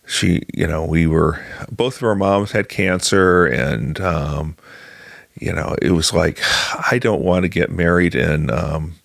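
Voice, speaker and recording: A man in his thirties or older from Illinois, telling a personal faith story casually, halting with fillers and restarts. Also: sits low, creaky, fairly bright tone, no echo, studio quality. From Illinois, USA. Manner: conversational, halting with fillers and restarts, voices other people in quotes.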